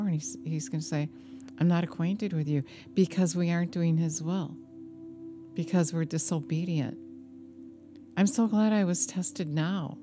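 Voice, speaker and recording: A woman minister giving an earnest personal testimony sermon, slow and deliberate, with a warning tone. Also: low-pitched. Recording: music playing behind the voice.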